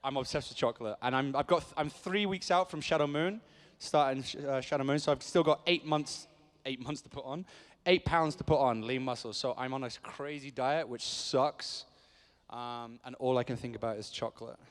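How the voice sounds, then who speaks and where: A man's voice: medium pitch, normal speed, in a large hall. A man in his thirties, a convention panel guest telling jokey stories and acting out what people said. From England. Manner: animated storyteller, jokey, acts out quotes.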